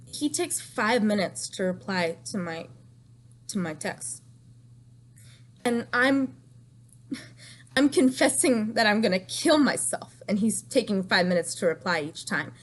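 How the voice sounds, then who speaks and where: A woman's voice: medium pitch, expressive, takes it slowly, pauses often. A young woman telling an emotional storytime vlog, distraught and rambling, repeating herself and crying at times.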